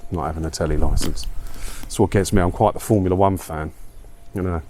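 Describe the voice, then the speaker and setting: Deep bloke rambling on his vlog while walking up a hill, chatty and taking the mick out of himself. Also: steady tone, brisk, mellow, slight background noise. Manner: rambling, chatty, self-mocking. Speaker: vlogger. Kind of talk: casual walking vlog chat.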